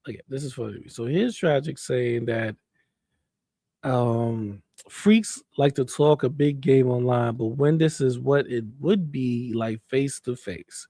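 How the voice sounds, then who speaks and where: A man's voice: medium pitch, dark tone, no room sound. A man ranting in heated commentary, repeating himself, swearing and trash-talking, recorded close on a desk mic indoors. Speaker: commentary streamer.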